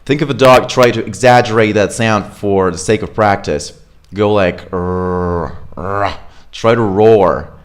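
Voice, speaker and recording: A man's voice: on the low side, moderate pace. A man coaching English pronunciation in a casual, chatty way, full of fillers and check-ins, filmed on camera. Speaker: accent coach. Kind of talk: pronunciation lesson. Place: home studio with camera.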